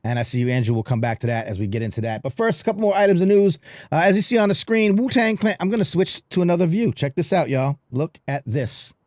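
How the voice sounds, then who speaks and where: A man's voice: a little high, quick pace, darkish tone, no room sound, clean studio sound. A man hosting a live online show, chatting loosely with plenty of fillers. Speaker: podcast host. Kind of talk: casual livestream chat.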